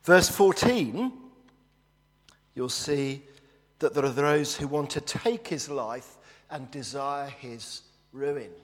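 An earnest male pastor preaches, explaining scripture and telling stories in a steady middle voice. The long reverb of a church hall trails after his words. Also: mid-range voice, slow. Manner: earnest, storytelling, hushed in prayer. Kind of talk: sermon.

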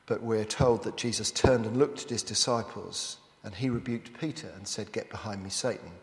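A man's voice: fairly low pitch, normal speed. A man preaching a sermon as he works through a Bible passage, often turning statements into rhetorical questions to the listeners. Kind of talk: expository sermon. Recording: echoey hall with long reverb.

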